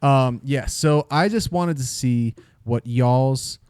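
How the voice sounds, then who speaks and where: A man in his thirties co-hosting a podcast, talking in a halting way with many filler pauses. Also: mid-range voice. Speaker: podcast co-host. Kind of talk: casual chat.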